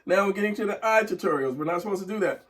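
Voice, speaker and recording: A man's voice: sits high, rapid-fire, a bit bright, recorded from a distance. A middle-aged man teaching a casual drawing tutorial, talking while he draws and trailing off into murmurs. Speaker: drawing instructor.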